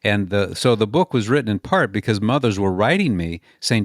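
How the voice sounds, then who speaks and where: A man's voice: fairly low pitch, animated, brisk, few pauses, dry recording, clean studio sound. A man as an interview guest, an author and speaker explaining his ideas earnestly, often telling stories and repeating words as he builds a point. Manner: earnest, explains through stories and acted-out quotes. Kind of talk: conversational interview answers.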